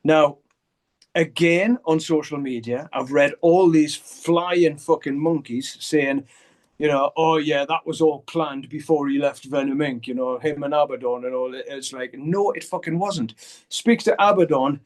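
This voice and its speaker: Speaking at a measured pace in a fairly high voice, an older man who plays guitar gives a video-call interview. His story is frank and full of swearing, and he imitates the words of others as he goes.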